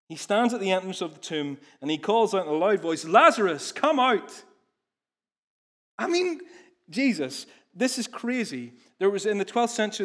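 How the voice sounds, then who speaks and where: A man preaching a sermon, earnest and animated, often restarting his phrases. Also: sits high.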